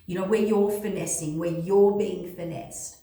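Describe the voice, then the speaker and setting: A woman's voice: on the low side, steady tone, measured pace, dark tone. A woman talking casually as a tarot reader giving a spiritual forecast, rambling and repetitive with many fillers. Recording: very echoey room.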